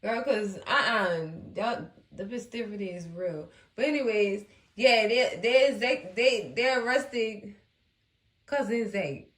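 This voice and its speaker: A woman hosting a casual TV recap, animated and acting out the characters as she chats to her viewers. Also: a little high, takes it slowly, reverberant. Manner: animated, acts out characters, talks to viewers as cousins. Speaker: recap host.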